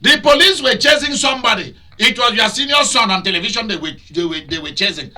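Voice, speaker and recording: Male pastor, high and bright, sermon with loud bursts. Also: lively intonation, fairly quick. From Nigeria. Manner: preaching with loud outbursts and laughter.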